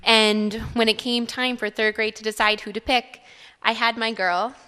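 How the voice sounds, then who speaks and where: A woman's voice: fairly high pitch, level tone, moderate pace, bright, forceful tone, clear, resonant tone. A woman teacher speaking at a school board meeting, praising a student and reading her story aloud. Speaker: third grade teacher. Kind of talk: speech at an award ceremony. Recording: reverberant hall.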